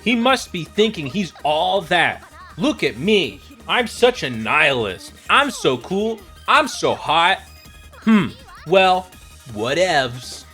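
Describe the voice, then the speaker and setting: A streamer voicing a loud, bossy, excitable teenage girl in a game read-along, with a huffy, exaggerated manner. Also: medium pitch, slow, faint music behind, heavily acted. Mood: indignant.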